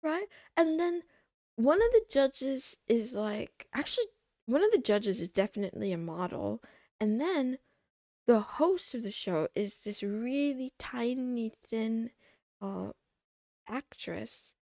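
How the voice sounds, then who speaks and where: Woman, mellow gravelly tone, casual livestream chatter, excitable, meows between remarks. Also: a little high, takes it slowly, no room sound, clean studio sound. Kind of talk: casual chat to a live audience.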